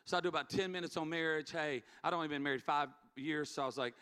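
A man's voice: fairly high pitch, fast, sharp tone, clean tone. A middle-aged man, a pastor, telling a story in an earnest sermon, repeating key words for emphasis. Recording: long hall reverb, faint music. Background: faint music.

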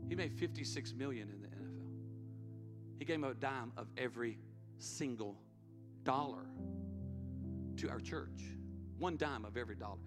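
A man's voice: mid-range voice, moderate pace, long pauses. A middle-aged man, a pastor, telling a story in an earnest sermon, repeating key words for emphasis. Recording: long hall reverb, faint music. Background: faint music.

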